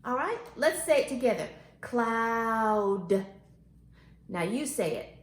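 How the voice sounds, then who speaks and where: A woman teaching a phonics lesson to young children, animated and sing-song, stretching words out slowly. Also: a little high, reverberant. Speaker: kindergarten teacher.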